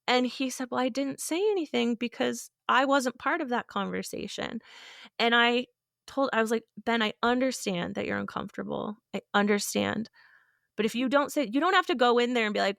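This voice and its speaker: A woman's voice: a little high, fairly quick, gravelly, a bit bright, no room sound, clean studio sound. A woman co-hosting a podcast, talking about a parenting topic in a fiery, passionate, casual way. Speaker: podcast co-host.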